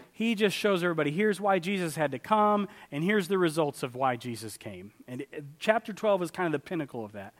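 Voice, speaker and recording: Man in a church sanctuary, preaching with lively pitch, big swings between loud and quiet. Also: in a large hall. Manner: animated, swings from loud exclamations to quiet asides. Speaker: pastor. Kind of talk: sermon.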